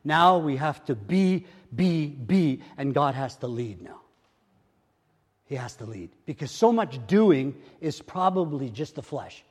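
An older man preaching a sermon as pastor, repeating phrases and swinging from hushed murmurs to loud exclamations. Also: a little high, animated, unhurried, husky, in a large hall. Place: church.

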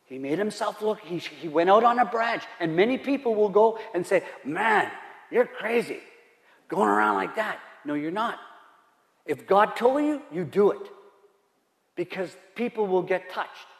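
A man's voice: high voice, lively intonation, moderate pace. A male pastor preaching a sermon, emphatic and repetitive, asking the room rhetorical questions. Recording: roomy hall reverb.

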